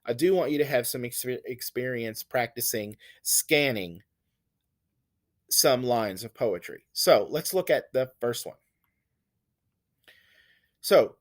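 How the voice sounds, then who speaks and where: A man's voice: medium pitch, lively intonation. A man giving a recorded literature lecture, patiently explaining poetic meter and reassuring his students. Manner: patient and reassuring, slow and deliberate, counts out stresses. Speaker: literature teacher.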